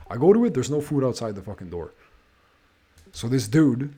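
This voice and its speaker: A podcast host with a warm, mid-range voice and a breathy edge tells a casual story at normal speed, very animated. He swears constantly and sounds exasperated as he keeps restarting his sentences.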